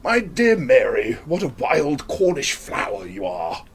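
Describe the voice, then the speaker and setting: A husky-voiced man voicing a pompous, florid older would-be poet in a storybook reading. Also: a little high, wildly swooping pitch, measured pace, full character voice.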